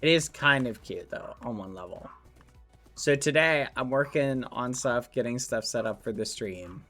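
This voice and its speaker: A man's voice: mid-range voice, expressive, unhurried, a bit bright, faint music behind. A man streaming a game, chatting casually with his viewers and rambling through a story full of fillers, from his room at home. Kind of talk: casual gameplay stream chat.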